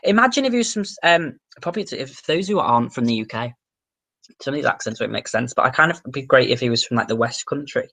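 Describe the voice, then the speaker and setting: A man's voice: medium pitch, expressive, fast talker, fairly bright tone. Rambling young man on a livestream. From England. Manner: rambling, swears casually, many fillers and restarts. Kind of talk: casual livestream chat. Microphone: webcam.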